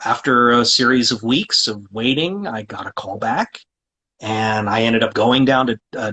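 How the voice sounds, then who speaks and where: A man's voice: medium pitch, fairly bright tone, husky, rough recording. A man being interviewed as a guest voice actor, chatting casually and talkatively, often restarting his sentences with fillers.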